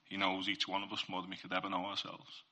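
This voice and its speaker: A man's voice: low voice, monotone, fast, sharp tone. A man giving an informal Christian faith talk. He speaks earnestly and conversationally, sharing testimony and addressing listeners directly.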